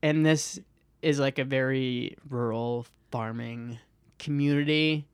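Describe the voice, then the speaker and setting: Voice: mid-range voice, steady tone, slow pace, clear, resonant tone, no echo. Rambling young podcast host, dry sound. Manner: rambling, trails off and restarts, laughs often. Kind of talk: casual podcast chat.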